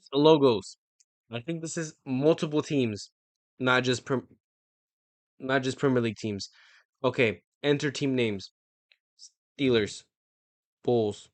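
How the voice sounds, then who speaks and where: A man's voice: mid-range voice, lively intonation, takes it slowly, pauses often, no echo. A young man streaming himself taking a football quiz, muttering to himself and swearing when he gets stuck. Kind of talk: live-stream quiz commentary.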